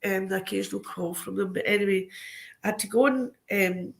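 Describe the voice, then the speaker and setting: A woman with a Scottish accent, a podcast guest telling animated anecdotes in a casual way. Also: medium pitch, a little fast, gravelly. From Scotland. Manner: lively, animated anecdotes broken by frequent laughter. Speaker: podcast guest, crime scene cleaner. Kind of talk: casual storytelling.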